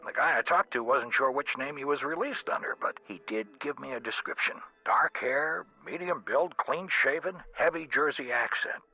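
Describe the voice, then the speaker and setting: A man's voice: mid-range voice, normal speed, hardly any pauses, bright, forceful tone, husky, heavily acted, rough recording. An actor voicing a male police detective giving a casual briefing in a game. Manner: casual, informative. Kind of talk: game voice acting.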